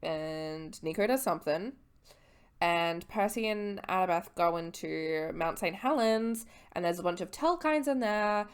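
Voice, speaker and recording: A woman's voice: fairly low pitch, lively intonation, a little slow, clean tone. A young woman in her twenties, a little tipsy, giving a casual, rambling book recap as a vlogger, swearing and correcting her own slips.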